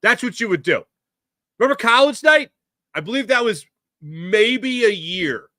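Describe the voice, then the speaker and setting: Animated, bright-voiced male sports host. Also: high voice, unhurried, no echo, clean studio sound. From Philadelphia area. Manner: animated, ranting, puts on quoted voices. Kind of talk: solo sports talk monologue.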